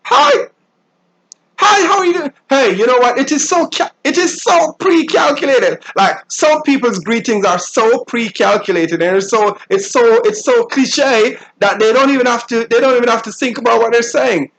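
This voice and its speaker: A man hosting a solo talk show, giving an animated, preachy monologue and mimicking people in high squeals. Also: normal speed, few pauses, a little hiss or hum, poor audio. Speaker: show host.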